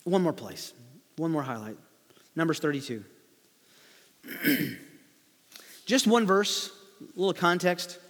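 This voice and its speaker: A man reading and explaining a Bible story to children, with animated storytelling and light chuckles. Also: a little high, takes it slowly, long pauses, in a large hall. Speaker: preacher teaching children. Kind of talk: Bible lesson for kids, read-aloud with commentary.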